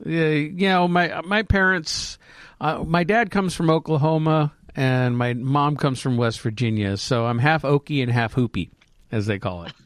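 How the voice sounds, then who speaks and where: A man's voice: fairly high pitch, moderate pace, clear, resonant tone. A man from California, chatting as a podcast co-host and rambling as he thinks aloud. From California, United States. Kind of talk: casual chat.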